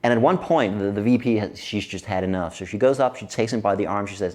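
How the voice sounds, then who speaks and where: Man, middle-aged, slightly low voice, animated storyteller, laughs a lot, casual interview guest. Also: fast talker, few pauses. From Denmark. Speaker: guest expert on workplace happiness.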